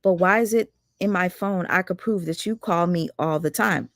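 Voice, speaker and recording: A woman hosting a casual livestream, talking to her viewers in an animated, indignant way. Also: on the low side, moderate pace, no room sound, clean studio sound. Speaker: livestream host.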